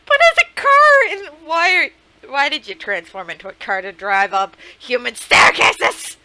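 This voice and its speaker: A woman hosting a reaction video, talking in loud, profane, laughing outbursts. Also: sits high, wildly swooping pitch, moderate pace, background noise. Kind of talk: casual reaction commentary.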